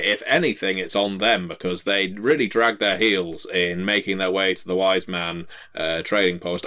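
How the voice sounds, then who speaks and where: A man's voice: on the low side, bright, forceful tone. A man voicing a nervous male dwarf merchant who stammers his way through excuses.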